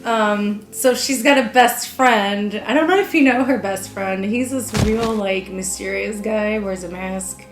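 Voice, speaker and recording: A woman's voice: mid-range voice, a little slow, few pauses. A young woman talking casually in an interview as a live-action role-player, enthusiastic and reflective. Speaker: LARP player. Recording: roomy echo with faint music.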